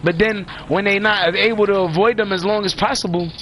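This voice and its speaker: A man's voice: high-pitched, steady tone, a little fast, a bit bright, soft background music. A man delivering a blunt, profanity-heavy rant full of street slang, lecturing his listeners. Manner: blunt, heated, preachy, heavy swearing and slang. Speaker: father ranting on a vlog.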